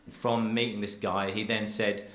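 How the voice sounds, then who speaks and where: Low-voiced guy, dairy farmer telling his cheese story on a theatre stage, lots of restarts, echoey hall. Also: level tone, moderate pace, background noise. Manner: earnest, rambling with frequent restarts. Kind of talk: public talk, storytelling.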